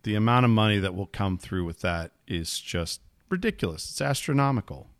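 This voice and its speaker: A man co-hosting a sports podcast, chatting casually and getting animated when exasperated. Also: fairly low pitch, fairly quick, no room sound. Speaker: podcast co-host.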